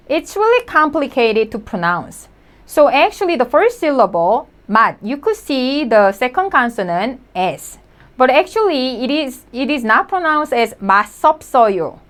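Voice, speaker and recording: A woman teaching a recorded language lesson to learners. Her voice sits a little high and moves through a very wide, animated range. She speaks slowly and patiently, repeating each example word as she goes. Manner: slow, deliberate explanations with repeated example words.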